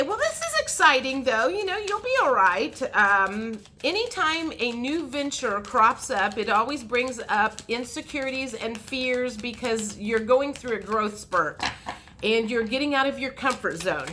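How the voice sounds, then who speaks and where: A woman giving a tarot reading in a chatty way, repeating words and acting out the excited reactions she describes. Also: on the high side. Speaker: tarot reader. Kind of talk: intuitive tarot reading monologue.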